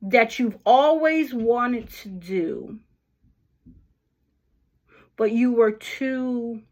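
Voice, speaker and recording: A woman talks in an unhurried, conversational way, often stopping to put questions to whoever is listening. Her voice sits fairly high for a woman. She sounds middle-aged and speaks at a slow, easy pace. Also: darkish tone. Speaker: vlogger. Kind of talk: casual motivational talk to camera.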